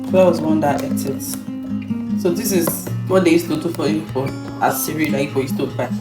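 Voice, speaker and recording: A woman's voice: low-pitched, fairly quick. A young Nigerian woman with a Nigerian accent, chatting casually to viewers in a home vlog and asking them questions. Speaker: vlogger, mother. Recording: echoey room with background guitar music.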